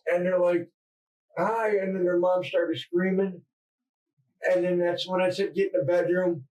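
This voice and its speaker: A man confessing under police interrogation, halting and distressed, stammering through restarts. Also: sits high, fairly even intonation, darkish tone. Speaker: murder suspect under interrogation. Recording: distant mic in interrogation room.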